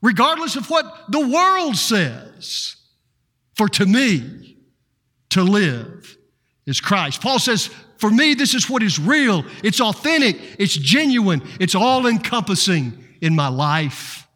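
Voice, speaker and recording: A man preaching a sermon, slow and dramatic, with repeated refrains and rhetorical questions. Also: high-pitched, very animated, bright, forceful tone. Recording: reverberant hall.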